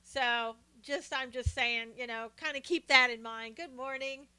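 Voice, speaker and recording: An older woman hosts a casual political commentary livestream, chatting along and greeting viewers by name. She speaks in a high, steady, unhurried voice that comes across pushed, bright and smooth.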